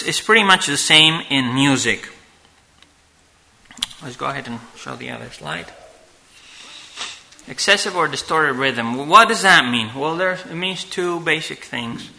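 A man teaching a class on church music from slides, talking haltingly and checking in with "okay?" often. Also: mid-range voice, vocal fry, bright, forceful tone, rough recording. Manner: halting, restarts and fillers, asks "okay?" often. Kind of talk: slide-based lecture.

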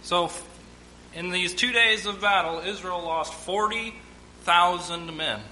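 A man's voice: high-pitched, takes it slowly, bright, forceful tone, slight background noise, rough recording. A man teaching from the Bible, reading scripture aloud and stopping to comment in plain, conversational asides. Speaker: preacher.

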